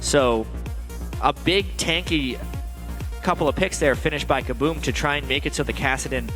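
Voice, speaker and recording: A man's voice: on the high side, normal speed, a bit bright. A man casting an esports match, explaining team picks and backstory in an analytical way. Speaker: esports caster. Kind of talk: play-by-play commentary. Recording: music playing behind.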